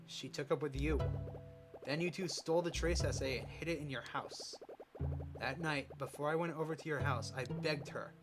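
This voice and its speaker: A man's voice: a little high, lightly acted. A man voicing a scheming male scientist who killed for his research, reading in a bitter, justifying way. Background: game music.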